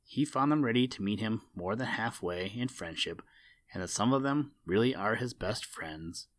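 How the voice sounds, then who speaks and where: A man voicing a sly, sharp-eyed male crow who teases the others with mock kindness, in a storybook reading. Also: lowish voice, lively intonation, normal speed, close to an everyday voice. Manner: sly, chuckling, mock-kindly.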